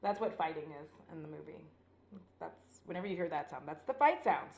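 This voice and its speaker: A woman's voice: sits low, expressive, brisk, gravelly, darkish tone. A woman rambling casually and profanely while doing her makeup, retelling a movie. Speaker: beauty vlogger. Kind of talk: casual get-ready-with-me chat. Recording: roomy echo.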